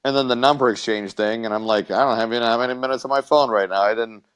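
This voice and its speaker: A man's voice: mid-range voice, fast talker, clean tone. A man co-hosting a casual podcast, telling a crude story in rambling bits with stammers and swearing. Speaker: podcast co-host.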